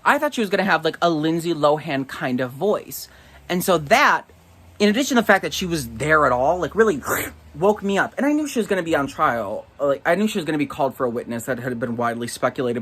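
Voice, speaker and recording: A man hosting a casual solo monologue. He is campy and swears freely, and sometimes breaks into shrill mock voices. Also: sing-song, fast talker, fairly bright tone, husky. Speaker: podcast host.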